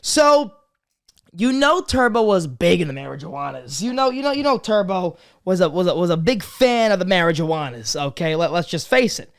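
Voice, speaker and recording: A man in his twenties hosting a casual confessional vlog, crude and swearing, swinging from loud joking greetings to quiet serious talk. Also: high-pitched, big pitch swings, moderate pace. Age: 20s. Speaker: podcast host.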